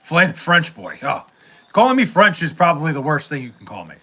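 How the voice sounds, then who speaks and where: Young male streamer, bright and a bit high, loose rambling chat with swearing and filler words. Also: very animated, a little fast, breathy edge. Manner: rambling, profane, with many fillers and restarts. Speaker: livestream host reading chat. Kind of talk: casual livestream chat.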